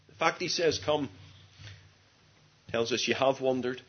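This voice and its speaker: A man preaching an evangelistic sermon, earnest, swinging from quiet to loud with drawn-out emphasis. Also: medium pitch, husky. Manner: earnest, rises and drops sharply in volume, drawn-out emphasis. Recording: dull lo-fi sermon recording.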